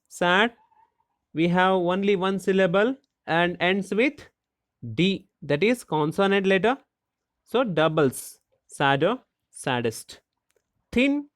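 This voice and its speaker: A teacher explaining a grammar lesson slowly and deliberately, asking rhetorical questions and spelling out letters. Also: medium pitch, dry recording, clean studio sound.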